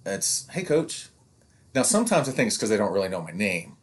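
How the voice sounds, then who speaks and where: A man in his fifties, a youth sports coach and podcast co-host, speaks fast in a lowish voice with big pitch swings. He chats casually and meanders, restarting lines and playing out what parents said.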